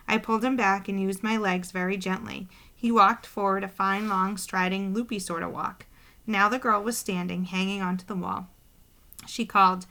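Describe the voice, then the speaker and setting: A woman's voice: mid-range voice, bright, forceful tone. A woman narrating a novel in first person, reading steadily and plainly with the odd slip. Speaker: audiobook narrator.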